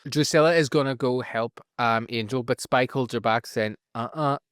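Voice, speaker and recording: Nordirischer Mann, lebhaft und derb. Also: male voice, mid-range voice, moderate pace, clean tone, no echo, clean studio sound. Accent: Northern Irish. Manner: animated, profane storytelling with frequent laughs. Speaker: podcast co-host. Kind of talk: casual episode recap.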